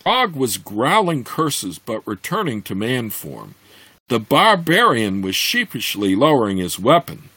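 A man reading a fantasy novel aloud, expressive, with occasional slips and restarts. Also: medium pitch, unhurried, husky, no room sound. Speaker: reader.

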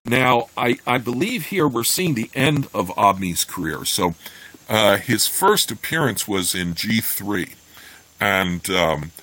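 A man reading a fantasy novel aloud in a steady voice, then talking it over with many fillers and restarts. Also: fairly low pitch, slow pace, poor audio. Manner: plain steady reading of the narration. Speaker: podcast host reading a novel aloud and discussing it.

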